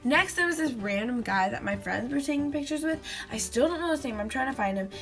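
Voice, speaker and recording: A woman's voice: high-pitched, animated, a little fast, soft background music. A woman vlogger chatting casually to camera, rambling with lots of fillers. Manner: rambling, fillers of "like", acts out quotes.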